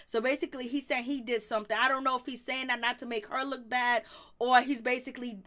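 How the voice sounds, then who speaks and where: A woman's voice: on the high side, fairly even intonation, quick pace, a bit bright. A woman hosting a casual talk show, recapping a reality series in a blunt, slangy way and laughing often. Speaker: podcast host recapping reality TV. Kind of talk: casual chat.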